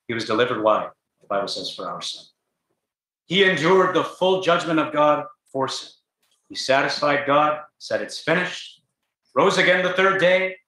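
A man's voice: mid-range voice, sharp tone, reverberant. A man preaching a gospel sermon in a large tent, earnest and urgent, pressing his listeners with repeated rhetorical questions.

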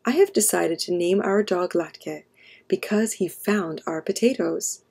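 Earnest little boy in a storybook, a bit gravelly, as a woman reads him. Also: fairly low pitch, unhurried, mellow, exaggerated voice. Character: eager generous young boy.

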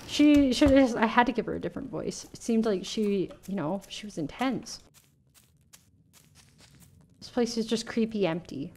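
A woman's voice: on the high side, normal speed, long pauses. A woman casually commenting on a cozy game, chatty and giggly. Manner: giggly, chatty, animated reactions. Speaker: gaming streamer. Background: game music.

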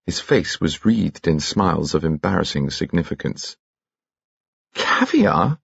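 A man narrating a mystery novel for an audiobook in a calm, measured, quietly dramatic way. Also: very deep voice, vocal fry, slightly rough, no echo, dull audio. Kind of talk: scripted narration.

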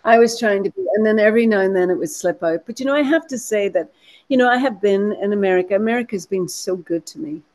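A woman in her sixties with a soft Irish accent, chatting animatedly in an interview with frequent restarts. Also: mid-range voice, fast talker. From Ireland. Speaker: actress and producer. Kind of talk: interview conversation.

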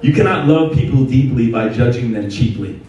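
A man preaching a sermon as pastor in a church, impassioned and at times shouting with laughter. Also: medium pitch, animated, normal speed, dull audio, crowd noise. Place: church sanctuary. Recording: echoey hall from far off. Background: congregation responding.

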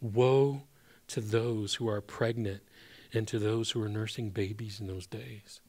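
A male pastor giving a conversational sermon to his congregation, swinging between emphatic rises and hushed, soft drops. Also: lowish voice, fairly even intonation, unhurried. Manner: addresses congregation as brothers and sisters.

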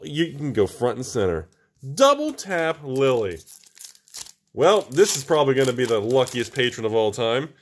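A man hosting a casual vlog, joking and getting excited as he opens card packs, calling his viewers folks. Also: on the low side, normal speed. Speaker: channel host opening card packs.

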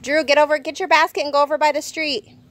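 Woman, high bright voice, cheerful and coaxing, outdoor family video. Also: level tone, fast talker. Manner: cheerful, coaxing, keeps warning about her plants. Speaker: parent filming kids' egg hunt. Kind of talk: casual family vlog chat. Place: outdoors in a yard.

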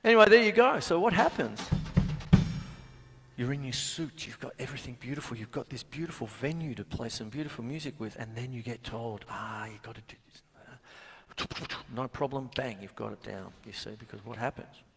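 A man's voice: medium pitch, a little fast, gravelly, in a large hall, music in the background. A man, giving a casual, jokey drum lesson on stage in a venue. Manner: chatty and jokey, laughs often. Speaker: drum teacher. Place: music venue theatre stage. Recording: live drum kit loud behind voice.

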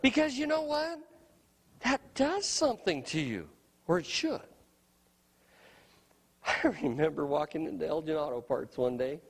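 Preaching with emphasis in a large hall, a middle-aged man frequently throws out "you know what?" His phrases alternate between loud and high and soft and low.

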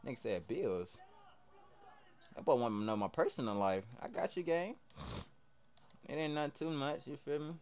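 A young man streaming live, excitably commenting on his game, shouting at teammates and chatting with viewers in heavy slang. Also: medium pitch, moderate pace, long pauses. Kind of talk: live gameplay commentary and chat reading.

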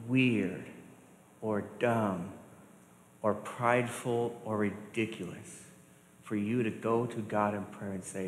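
A male pastor preaching a sermon, emphatic and building through repetition, speaking straight to his congregation. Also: fairly low pitch. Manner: addresses the congregation directly. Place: church worship hall. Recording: reverberant hall with faint noise.

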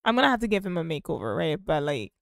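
Excitable young woman host, gushes and squeals. Smooth voice, dry close mic. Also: deep voice, quick pace, dry recording. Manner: excitable, gushing, squeals with delight. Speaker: gaming video host. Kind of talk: casual gameplay commentary.

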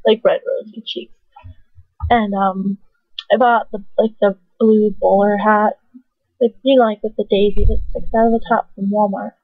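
A woman's voice: medium pitch, little pitch movement, normal speed, dry recording. Chatty young woman on a tinny mic. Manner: chatty, filler-heavy, giggly and self-mocking. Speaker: vlogger. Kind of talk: casual rambling vlog. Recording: dry, tinny phone-like sound.

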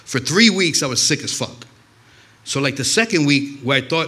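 A male comedian from New York works through a stand-up set in a bright, forward voice. He rambles, curses often and trips over his own restarts. His pitch sits in a middle range. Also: animated, a little fast. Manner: profane, rambling, self-interrupting. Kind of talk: stand-up storytelling.

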